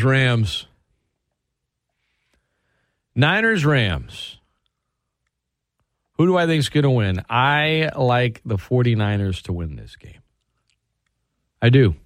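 A man hosting a sports radio show, talking in an animated, sarcastic way and swinging his pitch for emphasis. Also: slow pace, long pauses, no echo, studio quality. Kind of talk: opinionated sports talk.

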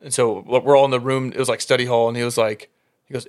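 A man telling animated football stories in casual chat, laughing often. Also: medium pitch, quick pace.

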